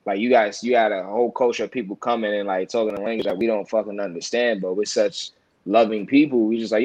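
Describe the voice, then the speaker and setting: Low-voiced rambling New man. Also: fairly even intonation, fast, darkish tone, dry recording, rough recording. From New York. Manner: rambling, filler-heavy, many restarts. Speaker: podcast co-host. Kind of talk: casual chat.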